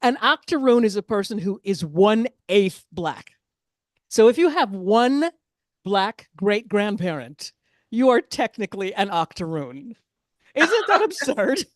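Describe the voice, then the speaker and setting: A woman's voice: mid-range voice, sing-song, measured pace, no echo, clean studio sound. A woman performing a stand-up comedy set, chatty and self-deprecating, with asides to the audience.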